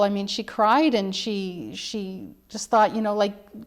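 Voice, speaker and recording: A middle-aged woman, appearing as an author guest in an interview, shares her family's history with earnest emphasis. She speaks in a mid-range voice at a measured pace with few pauses.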